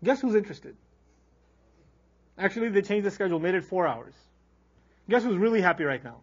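A man giving a humorous Quran lecture as a teacher, animated and acting out characters as he tells stories. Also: high voice, a little fast, husky, highs cut off. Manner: animated storyteller, acts out quoted characters. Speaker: Islamic teacher.

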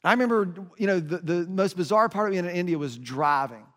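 An American man telling a travel story in a sermon, animated and emphatic, often restarting his sentences. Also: high-pitched, brisk. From United States. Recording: reverberant hall.

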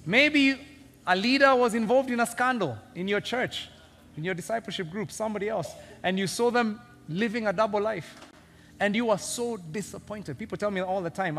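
A man preaching a sermon, animated and joking as he teases his congregation. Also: high-pitched, normal speed, a little hiss or hum. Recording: long reverb of a big hall.

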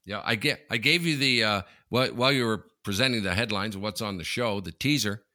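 A male sports podcast co-host chats casually over a video call using headphones, telling long rambling stories with many restarts. His voice sits on the low side and sounds brisk, bright and forceful. The sound is clean, like a studio, with no room sound.

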